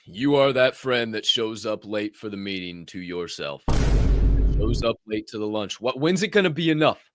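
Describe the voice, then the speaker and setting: A man's voice: fairly low pitch, expressive, moderate pace, background noise. A man hosting a podcast, delivering a fiery, profane motivational monologue in reaction to a clip. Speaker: podcast host.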